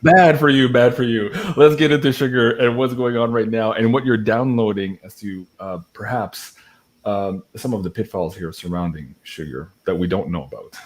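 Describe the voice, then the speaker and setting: A man hosting a livestream, asking measured questions with some fillers. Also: on the low side. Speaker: livestream host. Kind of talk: casual interview.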